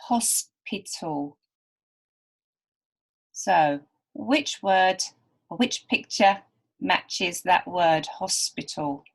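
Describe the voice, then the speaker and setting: A woman's voice: lowish voice, slow pace, creaky, slightly rough. A woman teaching beginner literacy students, patiently sounding out and repeating words. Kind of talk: slow, careful teaching to beginners.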